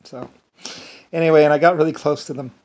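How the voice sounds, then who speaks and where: A man's voice: fairly high pitch, fairly even intonation, fast, a little mellow. A man in a rambling casual monologue, chuckling often between phrases as a vlogger.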